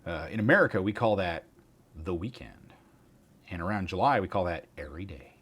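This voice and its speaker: A man's voice: deep voice, expressive, a little fast, fairly bright tone, slightly rough. A man chatting casually with viewers on a livestream, rambling, swearing and muttering asides. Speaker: streamer.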